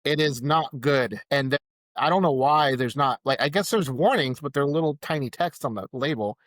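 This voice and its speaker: A man's voice: mid-range voice, normal speed, no room sound, studio quality. A man, telling a rideshare story in casual chat and acting out the quotes. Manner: animated storyteller, acts out quotes. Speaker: podcast guest, rideshare driver.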